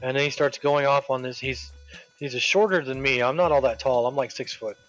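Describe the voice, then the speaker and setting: A man casually telling a workplace story while streaming a game, quoting people with animated voices. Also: mid-range voice, fairly quick. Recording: dull lo-fi with game music.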